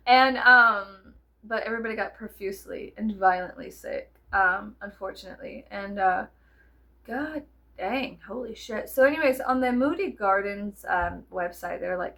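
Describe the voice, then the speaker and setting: A woman's voice: mid-range voice, a little slow, sharp tone. A woman, chatting casually to camera in a rambling, giggly, profane way full of fillers. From South Texas. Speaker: vlogger.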